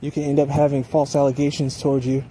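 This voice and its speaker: A man delivering a preachy advice monologue to his viewers, often pausing to ask "okay?". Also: mid-range voice, completely flat delivery, warm tone, a little hiss or hum. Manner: preachy, repeats "okay?" to check in. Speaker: dating advice channel host.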